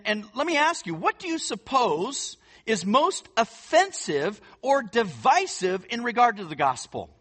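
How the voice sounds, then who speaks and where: A man's voice: on the high side, fairly bright tone. A man preaching a sermon in an earnest, emphatic way, often repeating words for weight. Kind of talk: sermon teaching.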